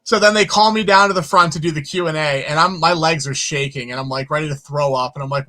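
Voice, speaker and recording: A man who is a filmmaker guest, telling stories in an interview in an animated way and swearing casually. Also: on the high side, quick pace, hardly any pauses. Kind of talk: storytelling in an interview.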